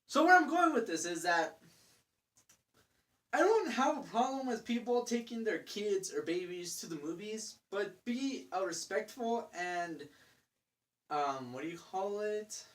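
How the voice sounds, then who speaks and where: A young adult vlogger rants about a bad night out in a loose, casual storytelling voice. The delivery is exasperated and profane, full of fillers and restarts, with pitch sitting in the middle of the range. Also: expressive, unhurried.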